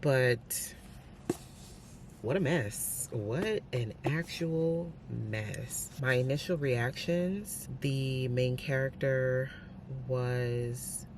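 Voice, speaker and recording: A woman's voice: rumbling low, extremely slow, noisy background. A young adult woman chatting casually in a reading vlog, giving candid, opinionated reactions to books. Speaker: book vlogger.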